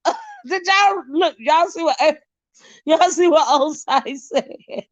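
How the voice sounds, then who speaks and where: Woman streamer with a high voice, chatty and giggly, roasting her chat, muffled dry sound. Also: slow, dry recording. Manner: laughs often, teases her chat, sidetracked and rambling. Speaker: livestream host. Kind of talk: casual live-stream chat reading viewer comments.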